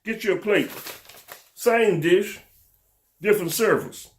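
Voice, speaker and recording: A man's voice: high voice, takes it slowly, a little hiss or hum. A man hosting a local talk show, scolding his audience with fervent rhetorical questions in a preacher-like style. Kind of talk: preacher-like call-and-response commentary.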